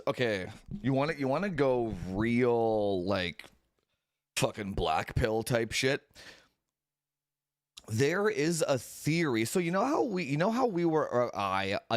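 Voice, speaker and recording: A man's voice: medium pitch, no echo, clean studio sound. A young man streaming, chatting casually and ranting with lots of swearing and exasperation.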